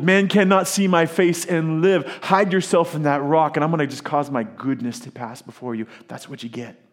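A middle-aged man preaching a sermon, emphatic, with dramatic pauses and swings from loud to hushed. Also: a little high. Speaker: pastor.

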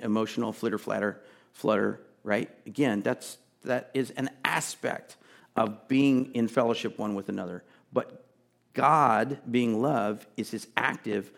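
A man's voice: medium pitch, creaky. A male pastor preaching a sermon in a conversational way, with casual asides and emphatic repetition.

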